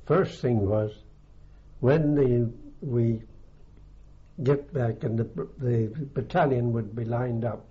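An older man with a halting, unhurried way of talking, full of ums and restarts, recalling his army days in an oral history interview. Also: medium pitch, steady tone. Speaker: veteran interviewee. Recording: dull lo-fi archive tape.

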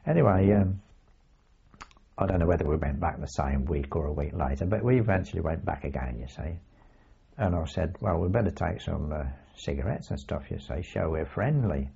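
An older man recalling his wartime days in a rambling oral history, full of asides and halting restarts. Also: deep voice, expressive, creaky, warm tone, breathy edge. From England. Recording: dull lo-fi recording.

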